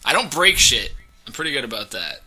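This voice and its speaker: A man co-hosting a casual gaming podcast, talking in an animated, profane, ranting way. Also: medium pitch, a little fast, poor audio. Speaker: podcast co-host.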